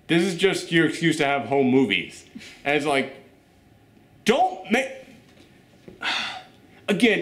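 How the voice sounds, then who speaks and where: A man's voice: mid-range voice, a bit bright, reverberant. A man hosting a casual review chat, ranting in an exasperated way. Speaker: host.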